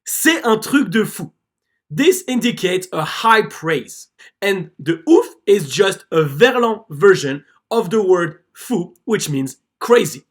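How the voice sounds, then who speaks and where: Teacher, slow, sing-song delivery, clear phrase-drilling lesson narration. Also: mid-range voice, sing-song. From France. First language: French. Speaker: French teacher. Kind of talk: scripted slide-based lesson narration.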